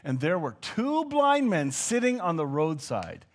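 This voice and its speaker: A man preaching a sermon, moving between hushed asides and loud, acted-out shouts. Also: on the high side, wildly swooping pitch, measured pace.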